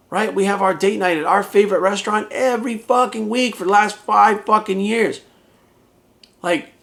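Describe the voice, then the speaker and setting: High-pitched, creaky and a bit bright, this voice belongs to an American fitness coach in his forties. He gives a frank motivational monologue full of swearing, sounding blunt, emphatic and heavily profane.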